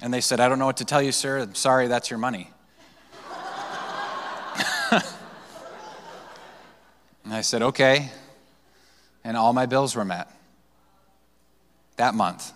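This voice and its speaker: A man's voice: mid-range voice, a little slow, pauses often, fairly bright tone, a little hiss or hum. A male pastor preaching a sermon, telling personal stories in a loose, conversational way with fillers and restarts. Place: church sanctuary. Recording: long church hall reverb.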